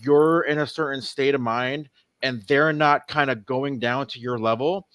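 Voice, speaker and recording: A man's voice: mid-range voice, measured pace, fairly bright tone, no room sound, studio quality. Rambling, hesitant male podcast co-host. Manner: rambling, hesitant, frequent restarts and laughs. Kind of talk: casual podcast chat.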